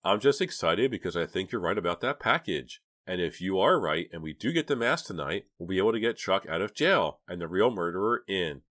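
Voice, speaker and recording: A man voicing a bold, quick-thinking teenage girl who talks in a brisk, bossy, urgent way. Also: low voice, animated, a bit bright, no room sound, clean studio sound, voice pushed up. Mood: steady.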